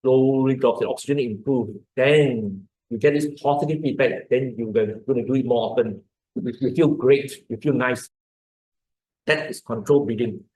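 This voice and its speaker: A man's voice: medium pitch, normal speed, a little mellow. Malaysian man lecturing in an echoey room. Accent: Malaysian English. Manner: explanatory, repeats words, demonstrates breathing and huffing. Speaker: doctor giving a lecture. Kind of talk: informal health lecture with demonstration. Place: lecture hall.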